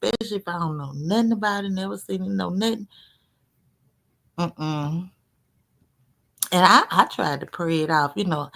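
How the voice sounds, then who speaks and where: A woman in casual live-stream chat, rambling through a story with big swings in pitch and loudness. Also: lively intonation, moderate pace, gravelly, long pauses.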